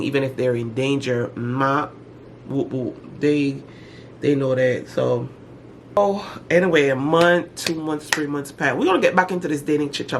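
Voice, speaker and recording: A middle-aged woman vlogger in casual storytime chat, talking in an animated, slangy way with dramatic asides. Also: extremely low pitch, slight background noise.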